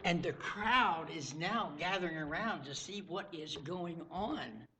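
Bright-voiced preacher man, high and ringing. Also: animated, unhurried, slight background noise. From American South. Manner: dramatic preaching, swinging from loud outbursts to hushed asides. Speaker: pastor. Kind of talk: sermon.

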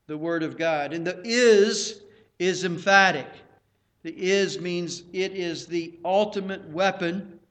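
A man's voice: high voice, a bit bright. A man preaching a sermon, emphatic and repeating key phrases for stress.

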